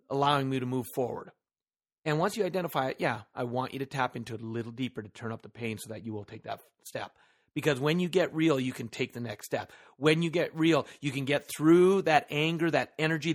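A man hosting a solo motivational podcast who talks earnestly into a microphone, leans hard on key words and asks the listener rhetorical questions. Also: medium pitch. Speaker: podcast host.

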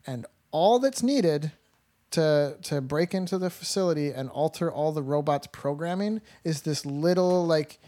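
Brief: male host, casual movie chat, animated, profane, acts out quotes. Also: on the high side, a little slow.

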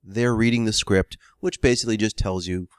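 A man's voice: lowish voice, fairly even intonation, a little fast, clear, resonant tone, no echo, studio quality. A man telling a long anecdote about his screenwriting work in a casual chat, laughing often and acting out quoted phone calls. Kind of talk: casual podcast storytelling.

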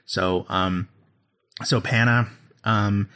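A man's voice: lowish voice, very slow. A man co-hosting a podcast, recapping an episode in casual chat, laughing and acting out lines as he goes. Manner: animated storytelling, laughs often, acts out lines. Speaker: podcast co-host.

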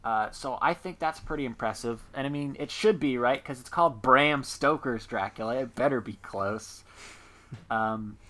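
A man co-hosting a casual movie review chat, joking and acting out characters in quick asides. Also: medium pitch. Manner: animated, jokey, acts out characters in quick asides.

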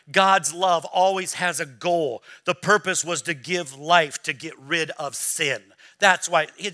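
A man preaching a sermon as pastor, asking the congregation to repeat words back and acting out quoted voices. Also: high voice. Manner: preaching with call-and-response questions to the congregation; acts out quoted voices in a lively, mocking tone.

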